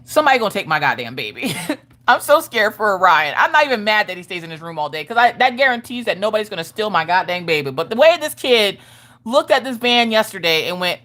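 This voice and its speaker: A woman hosting a live stream and chatting casually about parenting, frank and profane, with animated storytelling. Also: medium pitch, quick pace. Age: adult parent of school-age children.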